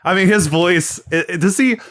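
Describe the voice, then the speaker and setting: A man's voice: sits high, normal speed, fairly bright tone, no room sound. A man co-hosting a film podcast, joking and laughing a lot in casual chat. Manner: joking, laughs a lot, mock-gravelly impressions. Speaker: podcast co-host.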